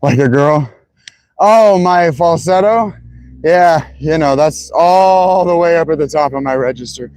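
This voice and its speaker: A man's voice: on the high side, measured pace, darkish tone, poor audio. A man streaming, chatting casually and loosely, swearing as he muses aloud. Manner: loose and profane, musing aloud. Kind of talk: casual chat.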